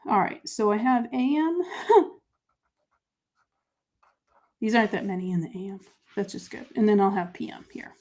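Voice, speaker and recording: A woman hosting a live crafting show, chatting with viewers and talking through each step, her voice dropping to quiet murmurs while she writes. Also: mid-range voice, lively intonation, fairly quick, slight background noise. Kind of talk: live crafting chat, answering viewer comments.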